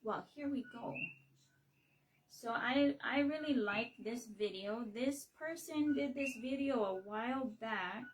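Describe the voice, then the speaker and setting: A woman from Hawaii talking on a casual livestream, slow and halting, with many fillers and restarts. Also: a little high, distant mic, a little hiss or hum, poor audio. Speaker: livestream host. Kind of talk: casual explanatory livestream talk.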